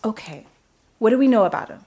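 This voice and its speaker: A woman's voice: a little high, expressive, quick pace, dark tone, natural voice. An actress playing a cautious young adult daughter who keeps objecting to her sister's risky plans. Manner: anxious, objecting. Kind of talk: film drama acting.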